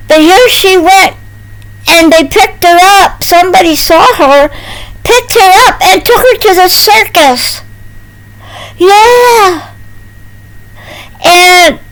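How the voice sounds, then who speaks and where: An older woman telling a homespun story to the camera in a slow, doting, sing-song voice, slipping into baby talk. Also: extremely high pitch, poor audio.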